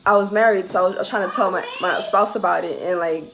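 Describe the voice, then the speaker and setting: A woman's voice: on the low side, steady tone, quick pace, gravelly, music in the background. A young woman telling a personal story time in a casual, heated way, swearing and laughing through it. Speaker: vlogger telling a military story. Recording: loud background noise hiss.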